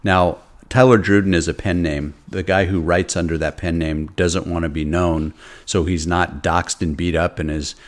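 A man's voice: sits low, fairly even intonation, moderate pace. A man hosting a talk show, chatting loosely and stopping often on fillers. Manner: loose, conversational, with frequent fillers. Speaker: host. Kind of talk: casual talk-show chat.

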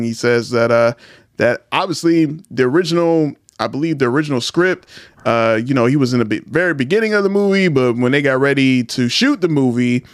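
Smooth-voiced laid-back man chatting. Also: medium pitch, no echo, clean studio sound. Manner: laid-back, filler-heavy, laughs often. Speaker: podcast host. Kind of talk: casual chat.

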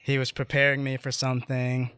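A young man in his twenties hosting a casual chat, telling a story with lots of fillers and animated pacing. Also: medium pitch, fairly quick, clear, resonant tone, no room sound.

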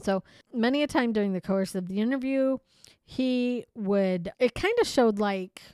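A woman's voice: fairly high pitch, animated, measured pace, darkish tone, clean tone, no echo. Chatty woman podcaster, dry close sound. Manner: chatty, playful, laughs often; reads story aloud, then riffs on it. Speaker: podcast host. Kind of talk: casual chat.

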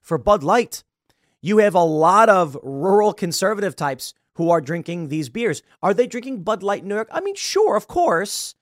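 A man's voice: high voice, moderate pace, dry recording, clean studio sound. A man hosting a political podcast, talking through a sarcastic, mocking commentary monologue. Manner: sarcastic, animated, mocking asides. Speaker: podcast host.

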